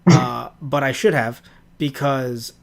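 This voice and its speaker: Rambling man with a mid-pitched voice. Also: steady tone, slow, creaky, soft background music. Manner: rambling, hesitant, profane. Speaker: podcast co-host. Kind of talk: casual review chat.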